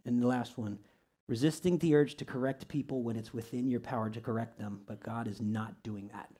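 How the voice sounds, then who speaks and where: A man's voice: fairly even intonation, brisk, breathy edge. A man teaching a small church group in a conversational way, reading scripture aloud and asking many rhetorical questions. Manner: reads scripture aloud, shifts pitch and loudness often. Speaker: pastor or teacher.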